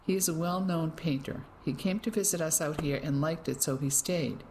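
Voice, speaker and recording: A woman's voice: low-pitched, normal speed, warm tone, a little hiss or hum. A woman voicing a brave, defiant wife facing a soldier in wartime. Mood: tense. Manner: alarmed, defiant.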